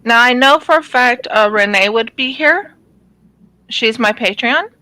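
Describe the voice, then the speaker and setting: Brief: chatty woman craft vlogger, rambling and casual, bright tone, dry close sound. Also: fairly high pitch, a little slow, no echo, rough recording. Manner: rambling, chatty, many ums and restarts. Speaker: craft channel host. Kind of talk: casual chat while diamond painting.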